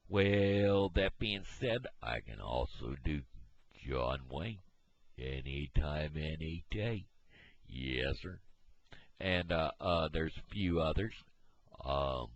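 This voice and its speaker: Slow, low-voiced folksy man rambling. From Missouri. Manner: meandering, halting, folksy. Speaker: vlogger. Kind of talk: rambling casual monologue. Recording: dull lo-fi home recording.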